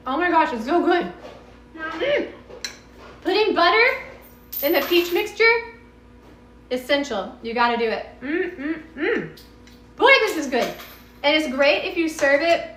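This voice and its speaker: Texan woman, live cooking chat, bubbly, lively swooping voice, echoey room. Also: high voice. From Texas. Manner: chatty, bubbly, meandering, talks to viewers. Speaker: home cook hosting a live stream.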